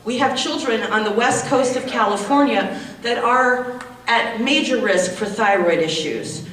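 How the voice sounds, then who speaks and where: A woman's voice: a little high, unhurried, fairly bright tone. A woman in her forties from the United States gives an indignant, emotional public comment at a hearing, repeating her points. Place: large public meeting hall. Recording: echoey hall, distant mic, faint noise.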